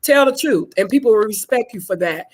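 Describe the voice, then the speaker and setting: A woman's voice: fairly high pitch, expressive, brisk, darkish tone, slight background noise, poor audio. A woman from Fort Worth, talking bluntly and straightforwardly as a guest on a live online interview. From Fort Worth, Texas. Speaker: guest, show founder.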